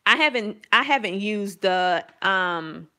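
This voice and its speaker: Bright-voiced, chatty homeschooling mom. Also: female voice, mid-range voice, animated, takes it slowly, slight background noise. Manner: enthusiastic, rambling, with soft laughs. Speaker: homeschooling mom reviewing curriculum. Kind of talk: casual chat to camera.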